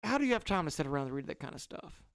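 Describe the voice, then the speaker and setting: Man, casual chat, halting, stumbling restarts, slightly high voice, dry sound. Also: sing-song, gravelly, a bit bright, clear, resonant tone, dry recording. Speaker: podcast co-host.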